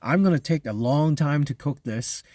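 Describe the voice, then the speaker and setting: A man's voice: fairly high pitch, normal speed, mellow, no echo, studio quality, lightly acted. A man preaching a sermon and voicing a doubting, anxious ancient man in a raised, exclaiming voice.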